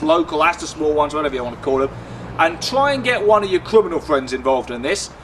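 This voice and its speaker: A man's voice: high voice, fairly bright tone. A young man from Luton with a southern English accent, doing a sardonic, chatty stand-up routine outdoors, stretching out his punchlines. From Luton, England. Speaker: stand-up comedian. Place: outdoors in a city. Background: faint outdoor ambience and traffic.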